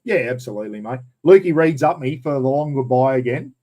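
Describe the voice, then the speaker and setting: A man's voice: mid-range voice, expressive, brisk, dark tone, low-quality recording. An Australian man hosting a casual live chat, rambling and chatty, calling everyone mate. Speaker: livestream host.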